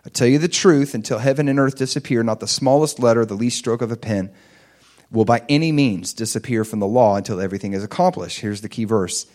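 A man's voice: mid-range voice, a little fast, a little mellow. A man preaching a sermon in a conversational way, checking in with the congregation and rising to emphatic peaks. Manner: asks the audience for agreement.

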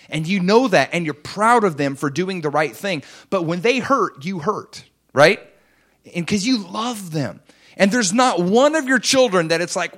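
Middle-aged male pastor, sermon delivery, impassioned with big loud-to-hushed swings, slightly high pitch. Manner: impassioned, swings between loud emphasis and soft hushed lines. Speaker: preacher.

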